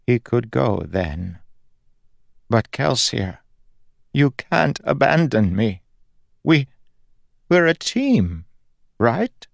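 A man's voice: lowish voice, lively intonation, creaky, dry recording, studio quality, voice pushed up, exaggerated voice. A man voicing a fading, pleading god. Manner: halting, pleading, stammering. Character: fading frail male god, anxious and clingy.

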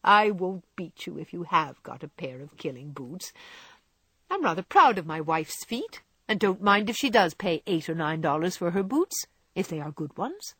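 Quiet young husband, dry and lowered, husky edge, as a woman narrator plays him. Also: lively intonation, normal speed, no echo, exaggerated voice. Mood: good-humoured. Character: young husband, good-humoured but hurt.

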